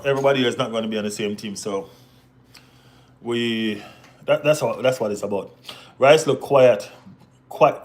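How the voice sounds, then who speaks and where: A man with a mid-range voice runs a football live stream. He goes through the chat and answers viewers in a casual, joking way, frequently tossing in "you know what I mean".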